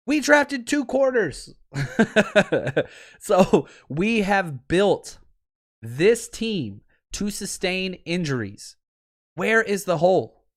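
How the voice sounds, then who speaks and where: Fired-up fan podcast host, man. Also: high voice. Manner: fired-up, animated fan ranting, then laid-back reading of chat. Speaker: high school football coach. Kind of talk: livestream podcast talk with chat shout-outs.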